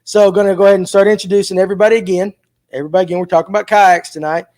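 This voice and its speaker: A man's voice: sits high, level tone, very fast, darkish tone. A man hosting a casual fishing talk show, loose and joking as he introduces his guests. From Georgia, USA. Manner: loose, joking, fumbling through technical hiccups. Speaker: podcast host. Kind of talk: casual chat.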